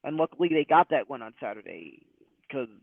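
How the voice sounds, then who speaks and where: A man co-hosting a sports podcast in a halting, repetitive way, heard over a tinny phone-like line. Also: medium pitch, sing-song, gravelly, no echo. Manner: halting, repeats himself. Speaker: podcast co-host. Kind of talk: casual sports talk.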